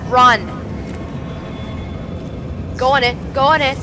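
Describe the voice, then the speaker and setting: Woman gamer for horror commentary, high-pitched, jittery, flips between muttering and frantic yelling. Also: measured pace, long pauses, background noise. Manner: jumpy, swings between hushed muttering and panicked yelling. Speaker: gaming video creator.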